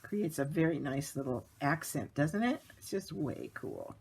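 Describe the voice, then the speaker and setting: A chatty woman talks through a card-making tutorial in an unhurried way, her pitch rising and falling a lot. Small laughs break up her step-by-step narration at her work table, and a faint hiss sits under the camera-mic recording. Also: big pitch swings, gravelly, darkish tone. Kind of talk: casual craft tutorial narration.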